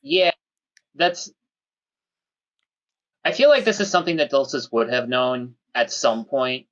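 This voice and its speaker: A man's voice: medium pitch, sing-song, measured pace, a bit bright, dull audio. A man at a tabletop game talks in an ordinary mid-range voice. He explains the rules and his character's thoughts in an easygoing, conversational way. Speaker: player. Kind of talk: casual chat while playing a tabletop game.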